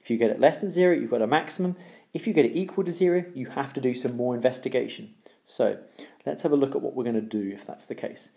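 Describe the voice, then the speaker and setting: A male maths teacher talks through a lesson with a gravelly, mellow voice. He explains patiently, repeats each rule and pauses to ask "okay?" His tone stays dark and steady. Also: medium pitch. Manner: explains step by step, repeats key rules, checks with "okay?".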